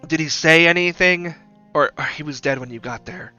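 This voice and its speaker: A man's voice: fairly high pitch, moderate pace, bright, forceful tone, smooth, pitched above the performer's own voice. A curt, impatient general, as a man acts him, bored and annoyed with everyone. His voice comes through a dull, lo-fi recording with faint music behind.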